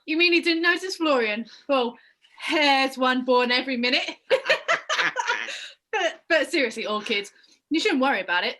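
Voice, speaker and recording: A woman's voice: sits high, animated, moderate pace, bright, forceful tone. A woman playing a cheeky joker in an amateur pantomime, teasing the others and delivering puns with a laugh.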